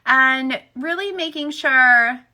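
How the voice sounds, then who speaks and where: A woman's voice: high voice, slow, sharp tone. A woman giving a chatty livestream tarot reading, talking to viewers and laughing often. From United States. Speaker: tarot reader.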